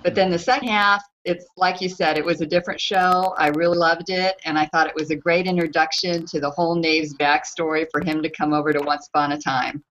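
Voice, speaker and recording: Woman panelist, low-ish voice, measured, lo-fi with faint hiss. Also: steady tone, a bit bright. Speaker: podcast panelist. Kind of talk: casual group discussion. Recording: lo-fi with faint noise.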